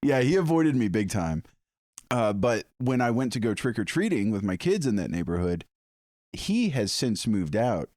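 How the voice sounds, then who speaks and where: A man in his thirties chatting on a podcast, telling animated stories with lots of acted-out quotes. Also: lowish voice, normal speed, dry recording, studio quality. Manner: animated storytelling with frequent laughs and acted-out quotes. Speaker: podcast co-host. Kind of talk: casual chat.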